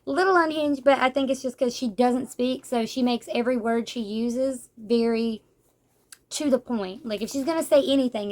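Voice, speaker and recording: High-pitched woman doing a casual manga review, chatty, laughs a lot, acts out the characters. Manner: chatty and animated, acting out characters' lines, laughs often. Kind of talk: casual book review chat.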